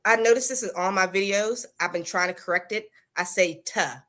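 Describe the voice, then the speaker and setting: Bright-voiced woman. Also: mid-range voice. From Pittsburgh, USA. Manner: chatty, jokey, quick to laugh. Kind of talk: casual live chat.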